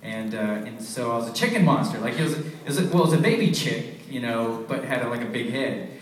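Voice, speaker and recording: A man with a brisk, mid-range voice, a voice actor on a convention panel, tells rambling stories and laughs often. He is recorded from far off in a large, echoey hall with loud noise.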